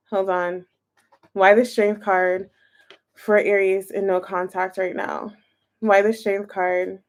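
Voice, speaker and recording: A woman's voice: medium pitch, darkish tone. A young woman streaming a casual tarot reading from home on a close-up phone camera, chatting to viewers and thinking aloud over the cards. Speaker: tarot reader streaming live.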